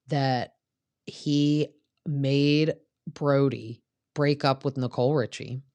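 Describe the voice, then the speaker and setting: A woman's voice: extremely low pitch, darkish tone, dry recording, studio quality. A woman hosting a podcast, chatting casually through a reality TV recap and filling her talk with "like". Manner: chatty, peppered with "like". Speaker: podcast host.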